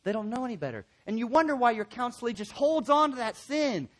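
A man teaching a class of counselors in an animated way, repeating key points for emphasis and acting out quoted remarks. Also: very high voice, fast talker. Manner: emphatic repetition. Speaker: counseling instructor.

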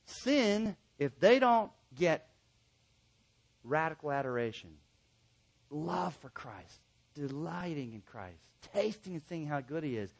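A man teaching a class of counselors in an animated way, repeating key points for emphasis and acting out quoted remarks. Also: on the high side, slow pace, creaky. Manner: emphatic repetition. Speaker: counseling instructor.

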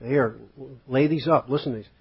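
Husky-voiced pastor preaching a sermon. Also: male voice, medium pitch, normal speed. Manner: conversational, rhetorical questions, acts out quotes. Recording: dull lo-fi sermon recording.

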